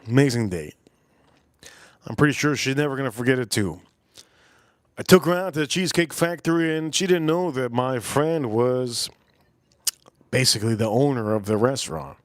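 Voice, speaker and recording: A man's voice: mid-range voice, no echo. A man hosting a livestream, telling a rambling story in a casual way, often repeating phrases and swearing in passing. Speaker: livestream host.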